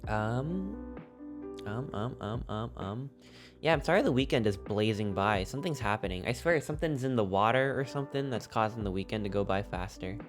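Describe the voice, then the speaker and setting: A man's voice: fairly low pitch, expressive, normal speed. A man streaming a video game, chatting casually with viewers in a rambling, goofy way, sleepy and a little sniffly. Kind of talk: casual live-stream chat. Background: background music.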